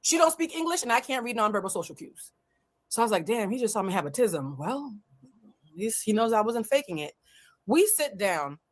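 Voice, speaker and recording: Animated, profane woman telling a story. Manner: animated, blunt and profane, acts out dialogue with big pitch jumps. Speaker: host of a livestream, emotional intelligence coach. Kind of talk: casual storytelling to a live audience.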